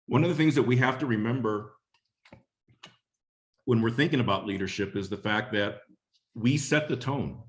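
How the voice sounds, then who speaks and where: A man's voice: mid-range voice, normal speed, long pauses. A middle-aged man giving a webinar talk on leadership, telling a story in a conversational way and often repeating phrases. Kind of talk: motivational talk with anecdote.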